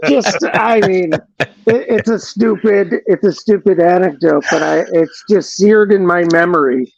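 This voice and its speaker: Gravelly man on a dull, lo-fi line. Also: high voice, unhurried, slight background noise. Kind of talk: casual sports chat.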